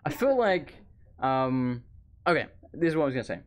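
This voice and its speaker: A man with a mid-range voice and big pitch swings streams live gameplay from a room at home. Feeling overheated, he rambles and chats, tossing quick asides to his viewers.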